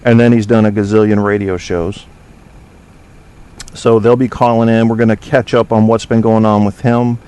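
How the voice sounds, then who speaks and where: A man's voice: lowish voice, little pitch movement, normal speed, warm tone, smooth. A man hosting a casual talk show from his studio, rambling through provocative, joking banter with plenty of fillers. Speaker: podcast host. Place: home studio.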